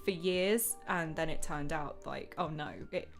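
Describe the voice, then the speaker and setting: Young woman, lowish voice, chatty podcast cohost, giggles a lot, faint music behind. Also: a little slow. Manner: friendly, giggly, explanatory. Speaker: co-host. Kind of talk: casual podcast chat.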